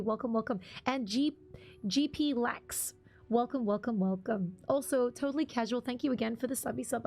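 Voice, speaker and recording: A woman streams a game and chats with viewers in a loose, chatty way, dropping plenty of ums. Her voice sits fairly high with a gravelly fry, and game music plays faintly underneath. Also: darkish tone. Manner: chatty, greets chat, many ums. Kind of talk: casual live gameplay commentary.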